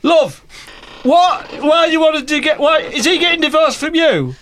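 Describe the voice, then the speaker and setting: A man's voice: very high voice, lively intonation, moderate pace, fairly bright tone. A man playing a blunt, plain-talking divorce lawyer who swears casually in an improvised comedy sketch. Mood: exasperated.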